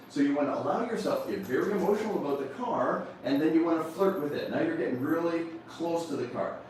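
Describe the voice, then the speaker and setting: A man gives a lively seminar talk, his voice somewhat raised. He teases the crowd and acts out little scenes in mock-sensual voices. The sound is heavily echoey and picked up from well back in a large hall, with a faint hiss behind it. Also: on the high side, recorded from a distance. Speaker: motivational speaker. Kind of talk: seminar talk to a live audience.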